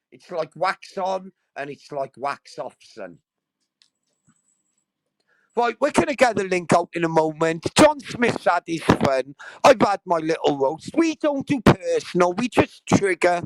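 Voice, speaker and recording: A man chatting casually on a livestream from home, crude and mocking, swearing constantly, with sudden loud outbursts. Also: on the high side, dry recording. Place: at home with dogs nearby.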